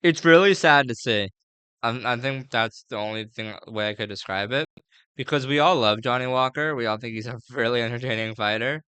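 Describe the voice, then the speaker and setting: A man's voice: mid-range voice, fairly quick, pushed and bright, clear, resonant tone, dry recording. A man giving a casual, rambling fight breakdown, full of fillers and slang. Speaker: MMA fight previewer.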